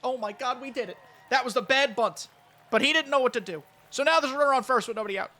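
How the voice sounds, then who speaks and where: A man giving excitable, chatty live commentary on his own baseball video game play, talking straight to his viewers. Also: very high-pitched, quick pace. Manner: excitable, chatty, talks to chat. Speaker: gaming YouTuber.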